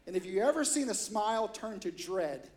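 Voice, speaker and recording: A middle-aged man preaching a storytelling sermon in a church, animated and acting out quotes with sudden loud high bursts. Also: normal speed. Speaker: pastor.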